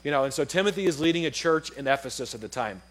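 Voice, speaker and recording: Animated young male preacher. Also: a little high, fast. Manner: animated storytelling, acts out dialogue. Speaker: pastor. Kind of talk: sermon. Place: church auditorium.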